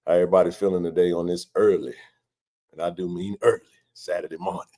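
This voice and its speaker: A man's voice: low voice, flat delivery, fast, warm tone. A man hosting a live sports chat stream, joking loosely and greeting viewers by name.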